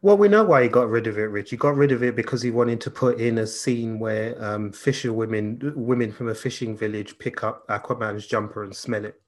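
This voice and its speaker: A man's voice: medium pitch, fairly quick, few pauses. A man hosting a podcast, chatting casually about a film with a wry, sarcastic humor. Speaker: podcast host. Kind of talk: casual film review chat.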